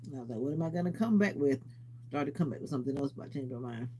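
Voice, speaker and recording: A man's voice: mid-range voice, animated, racing, warm tone, a little hiss or hum. A congested, sleepy man chatting casually with viewers on his livestream, rambling as he snacks. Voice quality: stuffy, congested. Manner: rambling, talks while snacking and reading chat. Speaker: livestream host.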